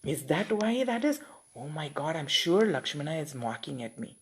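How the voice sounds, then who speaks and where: An anxious, guilt-ridden queen from a spoken storybook frets aloud, as a woman narrator puts her on. Her voice is low and husky, worried and self-questioning. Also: big pitch swings, normal speed, heavily acted. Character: remorseful older queen, anxious and self-doubting.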